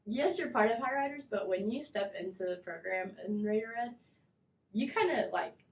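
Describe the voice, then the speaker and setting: A young woman with a lilt tells stories in an easy, rambling chat, with "like" in nearly every line. Her voice sits at a middle pitch. The room adds a noticeable echo. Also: moderate pace. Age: young adult. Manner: animated storytelling, acts out kids' voices, many fillers. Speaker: guest, former mascot performer. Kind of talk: casual chat.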